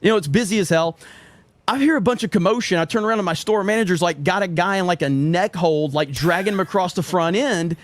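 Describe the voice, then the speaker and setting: A middle-aged man with a slightly high voice spins stories in relaxed chat, acting out quoted lines and laughing along. His delivery is lively and the sound is dry and close. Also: a little fast, no room sound. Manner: animated, acts out quotes, laughs often. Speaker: podcast guest telling stories. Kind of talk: casual storytelling chat.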